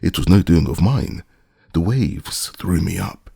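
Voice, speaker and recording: A tall, passionate sailor from abroad, put on by a male audiobook narrator. He talks with a slight lisp and a pleading, despairing intensity, pitched well above the narrator's deep, gravelly register. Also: expressive, measured pace, dark tone, no echo, clean studio sound, heavily acted. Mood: bitter. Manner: impassioned, pleading.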